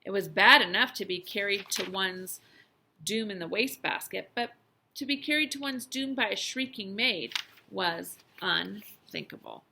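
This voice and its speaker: A woman teacher reading a children's novel aloud, with expressive storytelling and lively emphasis. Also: medium pitch, unhurried, gravelly, background noise.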